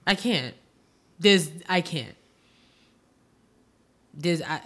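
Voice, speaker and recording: A woman's voice: fairly low pitch, normal speed, a bit bright. Exasperated woman podcast co-host. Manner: exasperated, emphatic, repeats herself. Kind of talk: casual chat.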